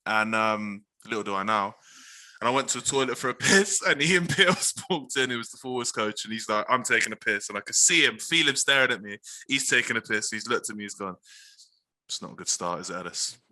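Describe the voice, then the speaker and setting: A man's voice: medium pitch, a little fast, pushed and bright. A man co-hosting a podcast, telling a laid-back, sweary anecdote in casual chat. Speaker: podcast co-host.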